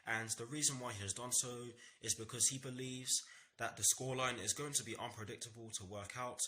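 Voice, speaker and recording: A man's voice: mid-range voice, steady tone, fairly quick, sharp tone, a little hiss or hum. A young man hosting a football fan vlog, talking earnestly in repetitive phrases with some stammering. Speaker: football fan channel host. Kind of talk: match preview vlog.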